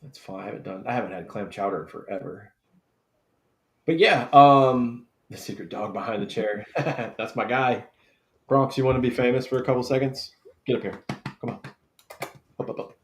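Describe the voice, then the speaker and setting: Hosting a live draft stream, a man speaks in a mid-range voice at a moderate pace. The room echoes as he swaps stories in an easygoing, chatty manner, swearing now and then.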